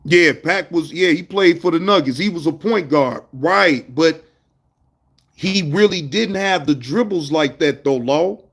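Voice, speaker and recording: A man with a fairly high voice hosts a casual livestream and talks straight to his chat. He is animated and loose with slang, calling out viewers by name between stories. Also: measured pace. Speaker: livestream host.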